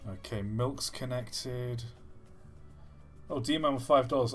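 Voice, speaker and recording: Male game streamer, bright forward tone, relaxed pace, running commentary with chat banter. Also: medium pitch, slow, long pauses, soft background music. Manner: thinking aloud, joking with chat. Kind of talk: live gameplay commentary.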